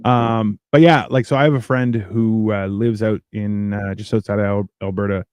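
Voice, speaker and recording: A man's voice: fairly low pitch, steady tone, normal speed, darkish tone, smooth, no echo. A Canadian man talks through a casual podcast in a rambling, joking way. He often slips into little acted-out bits of other people. The sound is dry and close, with no room around it. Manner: rambling, joking, acts out quoted voices. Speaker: podcast co-host.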